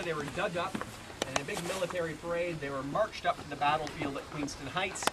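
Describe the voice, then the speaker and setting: A man guiding a ghost tour, telling stories to a group outdoors in a wry, chatty way. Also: fairly high pitch. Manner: chatty, wry storytelling with chuckles. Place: outdoors at a historic fort. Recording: outdoor recording with steady background noise.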